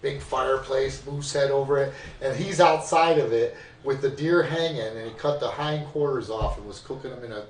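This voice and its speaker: A man telling a long hunting story on a podcast, animated and full of swearing, recorded in an echoey room with the mic set back. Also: mid-range voice, normal speed, few pauses, recorded from a distance, slight background noise. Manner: animated, profane yarn-spinning. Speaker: podcast guest. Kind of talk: casual storytelling.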